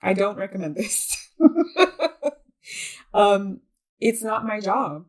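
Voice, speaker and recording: A woman's voice: medium pitch, measured pace. Young woman doing a solo podcast, earnest chatty tone, lots of likes and ums. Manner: earnest, conversational, many fillers and restarts. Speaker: podcast host. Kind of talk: reflective solo podcast talk.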